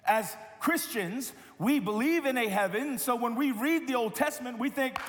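A man preaching a sermon as a pastor, telling stories with lively quoted voices and many repeated words. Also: very high-pitched, moderate pace, in a large hall.

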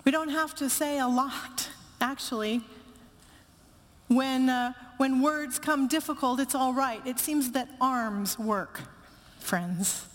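Woman preacher, high-pitched, storytelling sermon with soft hushed emphasis, long echo of a big sanctuary. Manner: storytelling, acts out quoted family voices, slows to soft hushed emphasis. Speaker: pastor. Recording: echoey hall with long reverb.

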